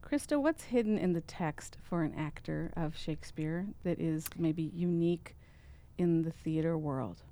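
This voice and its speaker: A woman's voice: low-pitched, unhurried, dark tone. A woman hosting a public radio interview in a conversational way. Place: radio studio.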